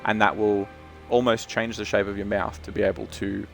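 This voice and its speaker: A man's voice: on the low side, little pitch movement, moderate pace, vocal fry, soft background music. A man chatting casually on his game stream, sweary and talkative. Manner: chatty, sweary, talks about accents.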